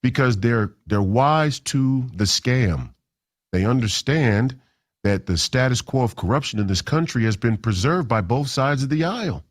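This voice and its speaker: A man's voice: mid-range voice, animated, measured pace. A man hosting a political talk show, delivering a combative, emphatic monologue with frequent restarts.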